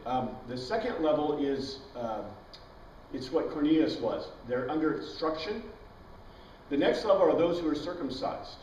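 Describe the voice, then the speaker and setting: A man's voice: fairly high pitch, slight background noise. A man teaching an informal Bible class, chatty, quizzing his students and wandering into tangents. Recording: dull, echoey room recording from far off.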